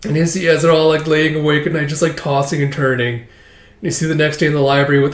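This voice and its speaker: A man's voice: fairly high pitch, level tone, fast talker. A man giving a casual, filler-heavy recap, chuckling as he retells. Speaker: manga reader and reviewer. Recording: echoey room.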